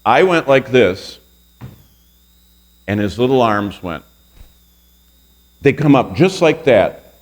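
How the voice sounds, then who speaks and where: A man in his sixties, a pastor, gives a Bible lesson to a roomful of college students, mixing storytelling with questions for the class. His mid-range voice has big pitch swings, and he speaks slowly with long pauses.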